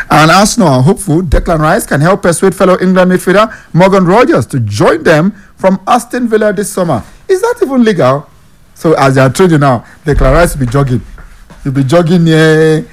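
Nigerian man, football news vlogger, slightly high voice, reads headlines and jokes in Pidgin. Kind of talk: casual sports news commentary.

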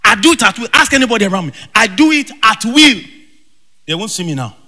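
A man preaching a fervent sermon, shouting in bursts and breaking into tongues. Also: high-pitched, sing-song, fast. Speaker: pastor. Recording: long reverb with faint music.

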